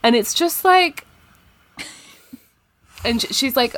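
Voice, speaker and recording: Woman co-host, animated reader, casual book talk, quick aside-filled delivery. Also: mid-range voice, no room sound. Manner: animated, reads passages aloud with asides. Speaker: podcast co-host.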